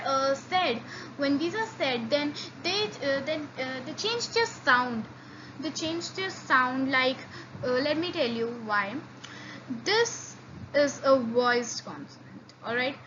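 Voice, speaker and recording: A woman teaching an online language lesson, halting with many fillers and repeats, slowly drilling sounds for learners. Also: sits high. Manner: slow drilled repetitions of sounds. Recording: slightly dull lo-fi audio with faint noise.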